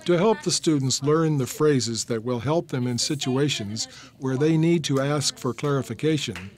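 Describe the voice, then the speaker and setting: A man giving even, explanatory scripted narration for a training video. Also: medium pitch, moderate pace.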